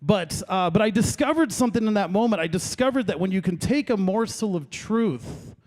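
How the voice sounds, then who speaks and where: A man's voice: high voice, lively intonation, a little fast, a little mellow. A man in his late thirties doing a rambling, self-deprecating stand-up set at an open mic, chatting with the crowd between stories. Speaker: stand-up comedian. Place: comedy open mic in a venue.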